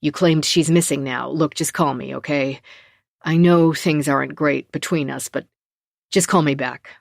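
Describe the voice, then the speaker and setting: A man's voice: fairly high pitch, steady tone, normal speed, vocal fry, no echo, clean studio sound. A narrator voicing a worried, exasperated man pleading in a string of voicemails. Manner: urgent, pleading. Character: worried, exasperated male partner leaving voicemails.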